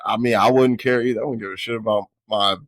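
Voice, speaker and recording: A man co-hosting a film review podcast, chatting casually in a laid-back, slangy way and acting out scenes with quick put-on voices. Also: fairly low pitch, fairly even intonation, fairly bright tone, no room sound. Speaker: podcast co-host.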